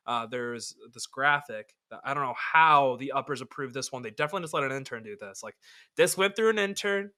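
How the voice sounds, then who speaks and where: A man co-hosting a podcast in casual sports chat, animated and quick to laugh, swearing casually. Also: mid-range voice. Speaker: podcast co-host.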